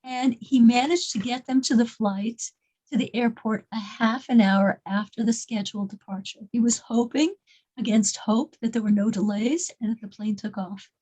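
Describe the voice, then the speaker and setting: Woman storyteller, high-pitched voice, halting delivery, lots of repeated words, casual small-group class. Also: mellow, low-quality recording. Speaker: class leader telling a story.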